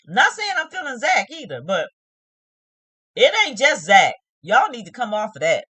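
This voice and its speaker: A woman's voice: on the high side, big pitch swings, normal speed, sharp tone, breathy edge, no room sound. A woman hosting a casual reality-TV review vlog, opinionated and talking straight to her viewers. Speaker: host of a TV review channel.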